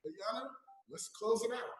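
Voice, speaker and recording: A man's voice: very high-pitched, lively intonation, measured pace. A man from California hosting a live poetry event, talking in a loose, chatty way with many fillers. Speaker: event host. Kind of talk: casual emcee talk at a live poetry event. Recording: very echoey room.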